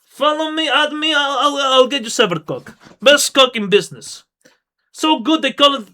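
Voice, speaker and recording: A man's voice: very high voice, pushed and bright, voice pushed up, exaggerated voice. A man playing a pushy, sleazy male cab driver who hustles in broken English. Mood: wheedling. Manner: wheedling fast sales patter, broken English.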